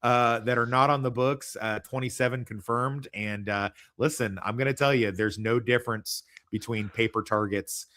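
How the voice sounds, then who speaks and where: A man's voice: mid-range voice, fairly even intonation, moderate pace, hardly any pauses, fairly bright tone. A man hosting a casual livestream chat, rambling and joking with lots of swearing. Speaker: podcast host.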